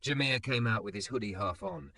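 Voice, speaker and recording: A man narrating a scripted story in an even, measured reading. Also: mid-range voice, vocal fry.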